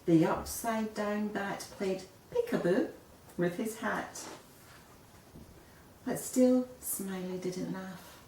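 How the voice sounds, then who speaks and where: A woman reading a children's picture book aloud in an expressive storytelling manner. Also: mid-range voice, slow, long pauses, slight background noise. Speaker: storybook reader. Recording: echoey room, voice a bit far off.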